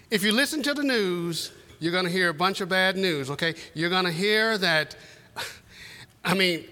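A man with a strikingly high, bright voice delivers a sermon to his congregation. He preaches in a folksy storytelling way, repeating his lines and slipping in jokes. His words ring out with the long reverb of a church sanctuary. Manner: folksy, repetitive storytelling with humor.

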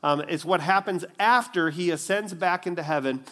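Brief: animated male preacher, fairly high voice, storytelling sermon. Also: normal speed. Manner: animated storytelling, acts out the scenes. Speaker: pastor.

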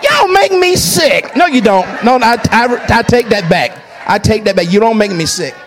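A middle-aged pastor preaching a lively, joking sermon that bursts into shouts at its peaks. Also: male voice, sits high, normal speed, a crowd in the background, background noise.

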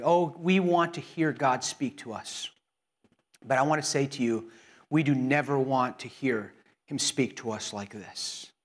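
A man's voice: medium pitch, measured pace. A male pastor preaching an earnest sermon in church, with frequent repeated words and restarts.

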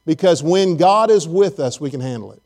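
A male pastor delivering a casual, storytelling sermon in a slightly high voice. He jokes, asks the congregation questions and keeps things friendly and loose. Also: lively intonation, normal speed, a little mellow. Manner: conversational, joking, speaks straight to the congregation. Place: church service.

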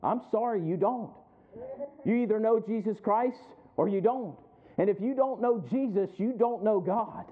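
Man, pastor, preaching, emphatic call-and-response, high-pitched, thin phone-like sound. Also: normal speed. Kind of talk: sermon.

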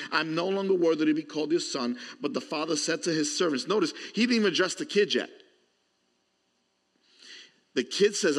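A man preaching a sermon as pastor, emphatic and questioning his listeners, swinging between loud punchy lines and hushed low ones. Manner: asks the audience direct questions. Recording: long hall reverb.

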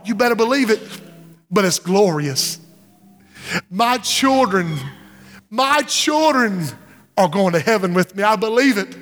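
A middle-aged man preaching a sermon in a large church, swinging from low, intense passages to loud, impassioned cries. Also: lively intonation, a little slow. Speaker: pastor. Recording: church hall with long reverb.

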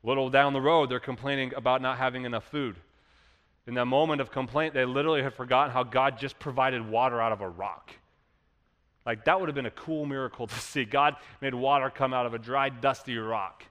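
A man preaching a sermon as pastor, animated, acting out quoted complainers in a raised voice. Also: mid-range voice, brisk, clear, resonant tone, in a large hall.

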